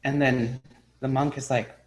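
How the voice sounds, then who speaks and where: A middle-aged man giving a spoken Buddhist dharma talk, an animated storyteller who acts out his characters' lines. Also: medium pitch, measured pace, heavy background noise. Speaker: Buddhist teacher.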